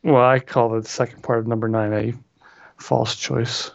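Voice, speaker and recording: A man's voice: mid-range voice, level tone, unhurried, vocal fry, no room sound. A man co-hosting a casual podcast chat, rambling and correcting himself with wry asides. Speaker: podcast co-host. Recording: dull lo-fi audio.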